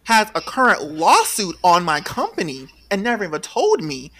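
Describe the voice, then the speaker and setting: A young man hosting a podcast, chatting about reality TV gossip in an animated, sassy way with sudden shrill outbursts. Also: moderate pace, few pauses. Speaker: podcast host. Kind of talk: casual gossip chat.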